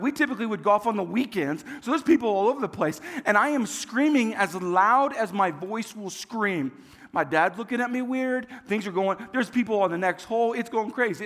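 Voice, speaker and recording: High-voiced man preaching with hall reverb. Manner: animated storytelling with self-deprecating humor. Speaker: pastor. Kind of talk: sermon.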